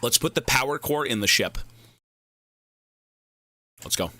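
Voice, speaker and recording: A man's voice: mid-range voice, animated, unhurried, sharp tone, dry recording. A young man streaming a game, chatting casually in long, profane, rambling tangents. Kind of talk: casual livestream chat.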